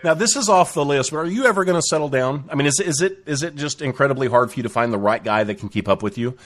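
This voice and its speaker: A man hosting a casual interview, eager and excited, often stopping and restarting his questions. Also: medium pitch. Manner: eager, halting with many restarts. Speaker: host.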